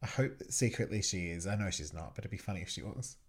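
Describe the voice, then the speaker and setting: A man's voice: low voice, animated, fast talker, husky. A man hosting a podcast, giving joking watch-along commentary and teasing the scenes with frequent giggles. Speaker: podcast host.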